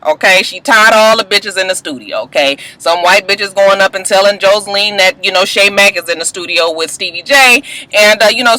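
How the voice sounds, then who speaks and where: A woman's voice: medium pitch, bright, forceful tone, poor audio. Sassy chatty woman recapping TV. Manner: chatty, sassy, swears freely, acts out quotes in voices. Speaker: reality TV recap vlogger. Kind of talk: casual rambling recap.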